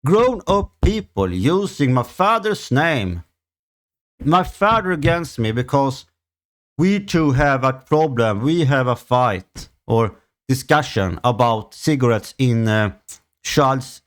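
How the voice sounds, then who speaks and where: A man with a Swedish accent, frustrated and swearing a lot, ranting on his own podcast in a halting way full of fillers. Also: medium pitch, expressive. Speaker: channel host. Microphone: home recording setup.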